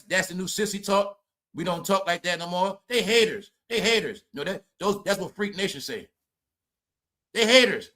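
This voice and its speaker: A man hosting a profane gossip commentary stream, loud and mocking, repeating phrases and laughing at his own jokes. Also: on the high side. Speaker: commentary channel host.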